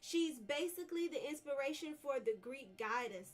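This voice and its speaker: A woman's voice: sits high, animated, normal speed, far from the mic. A woman live-streaming a video game, chatting casually and bubbly, repeating her phrases as she greets viewers. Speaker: livestreamer.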